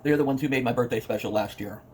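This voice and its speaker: A man's voice: mid-range voice, quick pace, a little mellow, a little hiss or hum. Playful man chatting while eating. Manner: playful, sings and hums between bites. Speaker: mukbang vlogger. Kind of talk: casual eating vlog talk.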